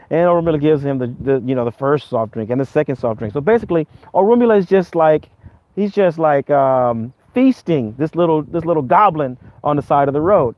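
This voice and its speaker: A man teaching through a spiritual story in an animated storytelling style, often repeating words as he goes. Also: on the high side, no echo. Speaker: Ifa teacher. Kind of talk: storytelling lesson. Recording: dull lo-fi audio with faint noise.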